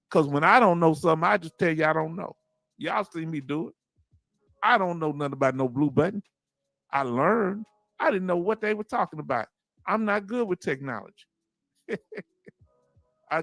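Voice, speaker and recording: Gravelly Southern man, emphatic livestream host. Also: on the high side, fairly bright tone, dry recording. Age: older. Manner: emphatic, preachy, chuckling, addresses viewers as family. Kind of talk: casual livestream chat, reading viewer comments.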